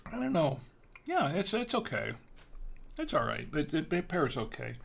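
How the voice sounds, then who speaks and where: Casual male livestream host, gravelly tone, rambling and chatty. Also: on the high side, big pitch swings, moderate pace, fairly bright tone. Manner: rambling, chatty, self-deprecating with frequent fillers. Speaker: host of a wine tasting livestream. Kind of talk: casual live-stream chat.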